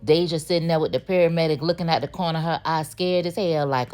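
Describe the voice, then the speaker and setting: A woman's voice: sits low, fast, few pauses, darkish tone, faint music behind. A woman giving a casual, sassy recap of a TV episode, acting out the characters' lines. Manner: chatty, sassy storytelling that acts out the characters' lines. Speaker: TV recap host.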